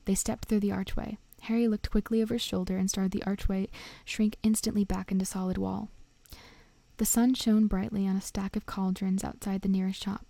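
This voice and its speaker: A woman reading a storybook aloud in a gentle, steady, often half-whispered way, close to the mic. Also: medium pitch, brisk, vocal fry, dry recording. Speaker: narrator.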